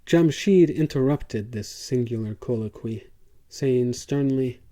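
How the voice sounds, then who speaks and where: A man narrating an audiobook in a measured, scripted way. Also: medium pitch, expressive, dark tone.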